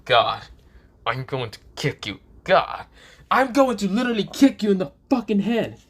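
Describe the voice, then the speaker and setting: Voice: mid-range voice, very animated, moderate pace, fairly bright tone, slightly rough, voice pushed up. A short-tempered young she-devil, as the narrator of an amateur fan-fiction read-along puts her on, who snaps out threats and curses. The voice stays close to the reader's everyday tone. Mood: irritated threatening. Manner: snappy threats, cursing.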